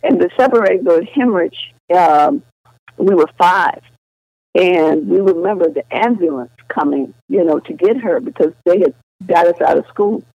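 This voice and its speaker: A woman's voice: fairly low pitch, lively intonation, normal speed, no room sound, highs cut off. An older woman earnestly recounting a family memory in conversation, restarting phrases as she goes. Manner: earnest, retelling dialogue with frequent restarts. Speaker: guest. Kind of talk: personal storytelling in conversation.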